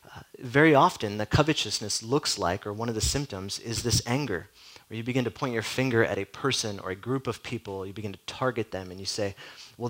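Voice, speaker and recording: A male pastor delivers a sermon in a loose, conversational style. He often drops in "like" and puts questions straight to his listeners. His voice sits at a medium pitch for a man. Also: a bit bright, low-quality recording. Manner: conversational, peppered with "like" and direct questions.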